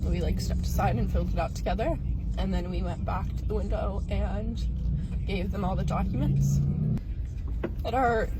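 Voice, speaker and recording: A woman crying as she films herself in a car after her divorce, speaking haltingly, swearing and breaking off. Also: medium pitch, very noisy. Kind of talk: emotional self-filmed vlog.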